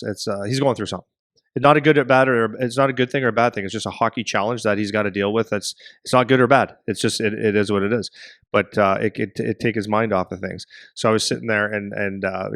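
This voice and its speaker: A middle-aged man co-hosting a hockey podcast, telling a story in a rambling, animated way and acting out voices. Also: lowish voice, no room sound, clean studio sound. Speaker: podcast co-host and hockey parent.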